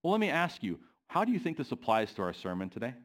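A man delivering a sermon in a church, often pausing to put questions to the congregation. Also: mid-range voice, big pitch swings. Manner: asks the congregation questions, pacing varies. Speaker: preacher.

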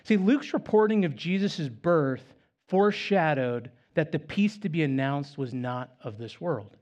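A man's voice: fairly high pitch, animated, unhurried, a little mellow, muffled recording. A male pastor preaching a sermon in a conversational way with self-deprecating humor.

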